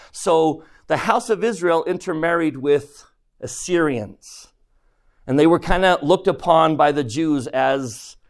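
A man's voice: mid-range voice, a little mellow. A man teaching a religion class, lecturing on scripture and posing questions to his listeners as he retells the story.

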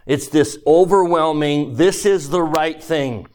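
A man teaching a devotional lesson to a class, speaking slowly and deliberately and sometimes dropping to a hushed near-whisper for emphasis. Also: a little high. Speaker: religious teacher.

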